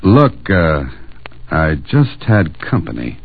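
In a tinny 1940s radio drama, an actor plays a wisecracking tough-guy adventurer, dry and hard-boiled with a wry mood. He gives a full character voice that is low and gravelly, slow-paced, with big swings in pitch.

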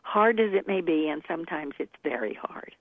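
Husky woman on a tinny phone line. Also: low-pitched, normal speed, no echo. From Texas, part of childhood. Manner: animated storyteller, laughs often. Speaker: accent coach, guest. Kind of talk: interview over the phone.

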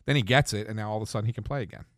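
A man's voice: fairly low pitch, rapid-fire, no room sound. A man co-hosting a casual sports podcast, chatty and easygoing, recorded on a close microphone. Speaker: podcast co-host.

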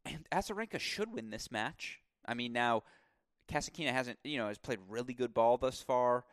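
A man talks through tennis match predictions in an animated, rambling way, with pitch that jumps around as he gets excited. His voice sits in a middle register and sounds dry and close to the mic. He drifts into asides and corrects himself along the way. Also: normal speed, clear, resonant tone, no echo. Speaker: tennis podcast host. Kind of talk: solo tennis preview commentary.

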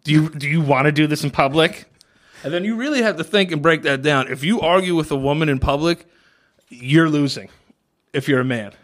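Joking man riffing on a podcast. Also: fairly high pitch. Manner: joking, quick to riff with put-on voices. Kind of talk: casual chat.

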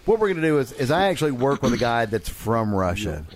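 A man's voice: mid-range voice, sing-song, fast talker. A man co-hosting a podcast, joking and wisecracking in casual chat. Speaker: podcast co-host.

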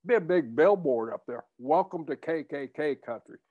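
A man's voice: on the high side, lively intonation, normal speed, dry recording. A man in a casual podcast chat, telling stories and laughing easily. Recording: dull lo-fi dry audio.

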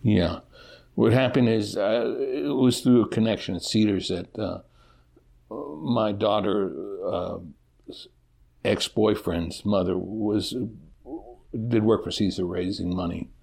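An older man answers interview questions in a candid, self-deprecating way. His voice sits low and has a gravelly fry and a husky edge. He talks like a teacher telling his own story. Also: takes it slowly, warm tone. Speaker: interview guest. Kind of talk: casual interview.

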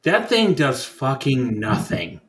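A young man chats on a podcast about a trip. He rambles and fills his pauses, curses freely, and keeps an easygoing tone. His voice sits at an ordinary middle pitch. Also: wildly swooping pitch, fairly bright tone, low-quality recording. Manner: rambling, profane, laid-back storytelling with frequent fillers. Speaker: podcast co-host. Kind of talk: casual chat.

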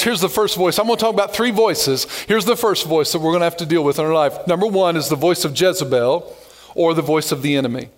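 A male pastor delivering an animated sermon in a high voice. He reads scripture, tells stories and drops playful jokes along the way. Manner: lively, animated preaching with joking asides.

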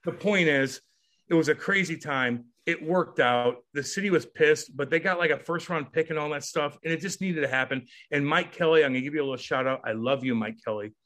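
Animated storytelling man, casual and swearing. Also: fairly high pitch, fairly quick. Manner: animated, swearing, acts out voices in his stories. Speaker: podcast guest, former hockey player.

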